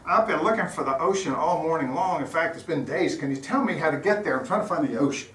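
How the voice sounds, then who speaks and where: An eager little fish, as a preacher puts him on, pitched a touch higher and hurrying through his questions. The voice rings in a roomy sanctuary, picked up from a distant mic. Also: expressive, fast, fairly bright tone. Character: small young male fish, searching eagerly.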